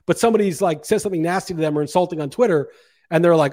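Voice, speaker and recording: A man's voice: a little high, racing, darkish tone. A man co-hosting a podcast, talking in a heated, profane rant during casual chat. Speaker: podcast co-host.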